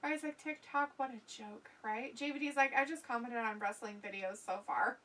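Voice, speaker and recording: A woman with a bright, fairly high voice co-hosts a relaxed live stream. She reads viewer comments aloud in a chatty way and laughs often. Her voice sits a little back from the microphone. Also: normal speed. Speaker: co-host of a wrestling watch-along stream. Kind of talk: casual live-stream chat. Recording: voice somewhat far from the mic.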